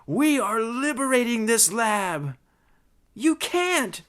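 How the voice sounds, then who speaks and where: A man voicing a brave, lovestruck young female lab pigeon with high, pleading cries. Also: very animated, slow pace, bright, forceful tone, exaggerated voice.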